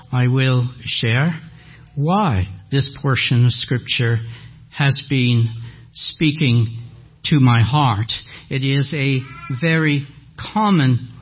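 An older man with a French Canadian accent, whose first language is French, preaching a sermon slowly and deliberately with gentle humor. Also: medium pitch. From French-speaking Canada. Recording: dull lo-fi audio.

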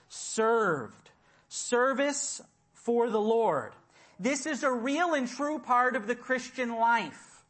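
A man preaching a sermon in a church, speaking deliberately and repeating key words for emphasis. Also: sits high, a bit bright.

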